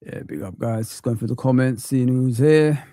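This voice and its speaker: At normal speed and medium pitch, a man in his thirties or forties with a dark tone rants with passion over live football on his watch-along stream. Expect swearing and frequent "man" tags, in a dry recording with clean studio sound.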